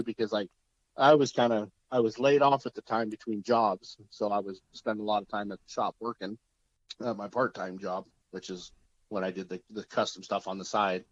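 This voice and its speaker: A man's voice: medium pitch, no room sound. Easygoing man telling a shop story. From Oregon, USA. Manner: easygoing, laughs through a rough story. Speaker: podcast guest. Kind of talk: casual storytelling. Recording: dull lo-fi sound.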